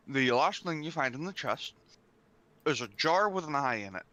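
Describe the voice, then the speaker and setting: A man's voice: medium pitch, animated, measured pace, bright, forceful tone, slight background noise. A man acting as game master, narrating a tabletop game in a laid-back, jokey way.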